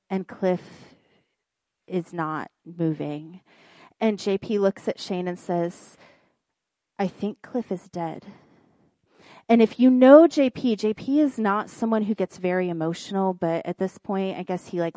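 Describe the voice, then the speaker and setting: A woman, a pastor's wife, preaching in church and telling a funny personal story in an animated way. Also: mid-range voice, moderate pace, dry recording. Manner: animated storytelling, acts out quoted voices. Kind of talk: sermon with a humorous personal story.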